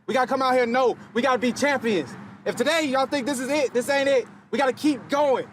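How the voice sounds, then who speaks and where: A man giving a fired-up, profane motivational speech to his football team, shouting much of it. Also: very high-pitched, fast, slight background noise. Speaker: football player addressing team. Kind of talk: locker-room motivational speech.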